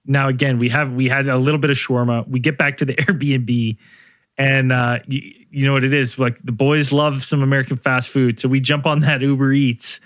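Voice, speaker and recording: A man's voice: mid-range voice, normal speed, no echo, clean studio sound. A man co-hosting a podcast, retelling a night out in casual chat and acting out what people said. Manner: animated retelling, acts out quoted lines. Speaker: podcast co-host.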